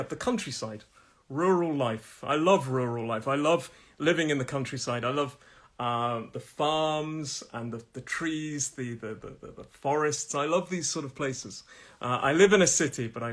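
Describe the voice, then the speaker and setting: A man teaching English pronunciation live to viewers online. His voice is mid-pitched and relaxed, and he chats loosely between drills. He laughs easily and slows right down to repeat each word. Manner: friendly, repeats words slowly, laughs often. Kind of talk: live-streamed pronunciation lesson.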